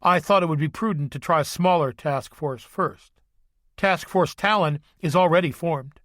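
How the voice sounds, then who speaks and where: A stern, formal Army sergeant major who speaks in clipped, firm sentences, read by a man in an audiobook. The voice sits a touch high and is recorded close and dry, with no room around it. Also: normal speed, a bit bright, dry recording, close to an everyday voice.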